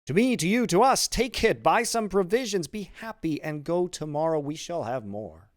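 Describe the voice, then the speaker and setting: Guy reading as an eager young sailor, lively up-and-down voice, dry sound. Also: normal speed, dry recording, close to an everyday voice. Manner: raised pitch, emphatic. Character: earnest young male sailor, eager, generous.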